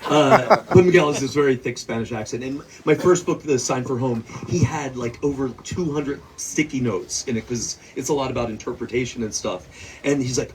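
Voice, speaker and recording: A man's voice: medium pitch, expressive, moderate pace, a little mellow. Rambling man, heard from a distance. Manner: rambling, heavy use of "like", laughs often. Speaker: novelist guest. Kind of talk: casual conversation at a book event. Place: bookstore event before an audience. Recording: distant mic with faint noise.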